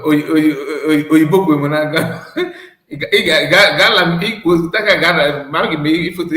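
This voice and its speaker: A man's voice: medium pitch, fairly bright tone, reverberant, poor audio. A man with a Nigerian accent hosting a reaction commentary, laughing often, repeating himself and switching into Igbo. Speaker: commentary host.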